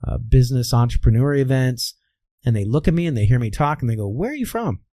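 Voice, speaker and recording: A man's voice: medium pitch, quick pace, dark tone, no room sound. A man from Kansas, working as a voice coach, talking through stories in an interview and often checking in with "all right". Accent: Midwestern American, softened. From Kansas, USA. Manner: explains with anecdotes, says "all right" often. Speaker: voice coach guest. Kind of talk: conversational interview.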